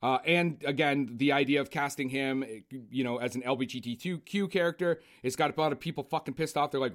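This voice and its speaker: A man ranting in a casual, profane film review chat, animated and blunt. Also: medium pitch, fairly quick, few pauses. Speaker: podcast co-host.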